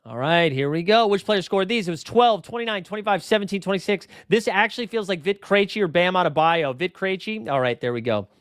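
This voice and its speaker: A man hosting a casual livestream, his voice a touch high and very smooth and clear. He talks in a quick, chatty way, reading off names and numbers. The sound is dry and close. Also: a bit bright, no room sound. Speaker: fantasy basketball show host.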